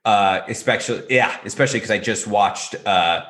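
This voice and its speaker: A man co-hosting a podcast in casual chat, animated, talking in rapid bursts with many fillers. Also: on the low side. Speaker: podcast co-host. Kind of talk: casual chat about martial arts films.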